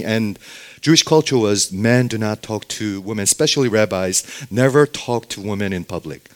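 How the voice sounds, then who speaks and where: A man's voice: lowish voice, expressive, moderate pace. A man preaching a sermon, asking the congregation questions and punctuating points with "okay?", sometimes dropping to a near whisper for emphasis. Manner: emphatic, asks the audience questions, frequent "okay?"; sudden drops to very soft, near-whispered emphasis.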